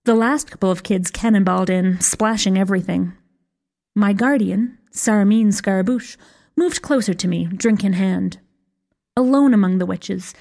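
In this scripted fiction narration, a woman reads a first-person fantasy story aloud with wry, dry humor. Her voice is medium in pitch with a dark tone.

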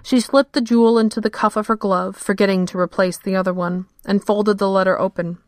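A woman narrating a fantasy story in a measured, steady storytelling manner. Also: medium pitch, dry recording, clean studio sound. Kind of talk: scripted fiction narration.

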